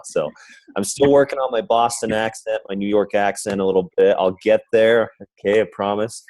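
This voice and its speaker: A man's voice: deep voice, steady tone, fairly quick, darkish tone, no echo, rough recording. A man, a corporate sales manager, giving an upbeat, rambling presentation on a conference call. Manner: upbeat, rambling, says guys and right often. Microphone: phone line.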